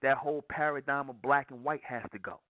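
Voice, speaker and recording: A man's voice: mid-range voice, steady tone, fairly quick, no echo. A man giving an impassioned, preaching monologue to his listeners, repeating phrases over and over with heavy emphasis. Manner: repetitive, hammering, emphatic with restarts. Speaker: broadcaster addressing listeners. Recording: dry, tinny phone-like sound.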